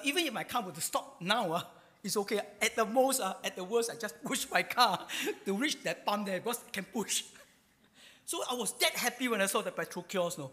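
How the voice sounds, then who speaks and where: A man's voice: high voice, fairly quick, big-room sound. A man preaching a sermon, asking rhetorical questions and telling stories with many fillers. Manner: animated storytelling, rhetorical questions, frequent fillers.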